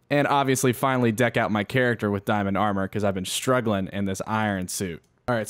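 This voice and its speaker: A man casually commenting on his own gameplay, chatting to himself and to the animals in the game. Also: medium pitch. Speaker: gaming channel host. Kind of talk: casual let's-play commentary.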